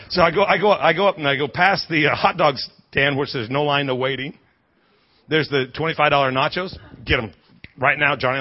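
Chatty high-voiced male pastor. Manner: chatty, restarts often, asks the congregation. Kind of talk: storytelling sermon. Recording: slightly dull recording.

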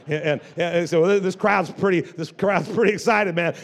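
A man's voice: sits high, brisk, hardly any pauses. A male pastor preaching a revival sermon as a story, in casual slang with many stammered restarts. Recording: long reverb of a large room.

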